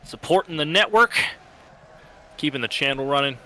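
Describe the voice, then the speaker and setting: Bright-voiced joking co-commentator. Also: male voice, on the high side, expressive, moderate pace. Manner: dry, joking asides. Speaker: co-host and race commentator. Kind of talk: live stream race commentary.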